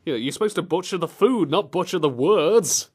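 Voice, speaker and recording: A man's voice: fairly high pitch, animated, a little fast, a little mellow, husky. A man hosting a comedic chat, joking and laughing often as he reacts to clips. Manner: jokey, laughs often, slips into silly voices. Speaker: show host.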